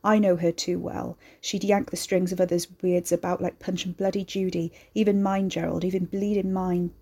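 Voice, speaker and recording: A woman doing a gruff, sniffling young man. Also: on the low side, flat delivery, moderate pace, a little mellow. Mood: bitter. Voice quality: gravel gruff. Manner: sniffling, muttering, swearing. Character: grieving gruff young man, self-pitying and bitter.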